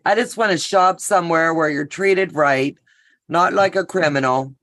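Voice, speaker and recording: A woman's voice: lowish voice, moderate pace, fairly bright tone. Middle-aged woman, host of a live sewing stream; casual, talkative storyteller. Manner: chatty, storytelling, greets viewers by name. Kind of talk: casual chat while sewing.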